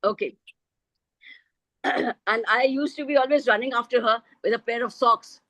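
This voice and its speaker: A woman's voice: fairly high pitch, moderate pace, pauses often, no room sound, poor audio. A middle-aged woman reciting her own poem expressively over a video call. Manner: expressive, shifts into a child's voice for quoted lines. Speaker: poet. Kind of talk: poetry recital.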